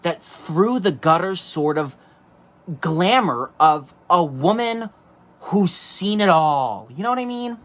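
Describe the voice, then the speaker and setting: A man hosting a casual solo monologue. He is campy and swears freely, and sometimes breaks into shrill mock voices. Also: animated, slow, fairly bright tone. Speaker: podcast host.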